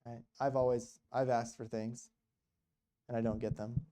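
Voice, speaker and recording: A man's voice: mid-range voice, little pitch movement, normal speed, warm tone. A man preaching in a church, telling stories in a conversational way, full of rhetorical questions and "you know.". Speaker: guest speaker at a church. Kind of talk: storytelling sermon.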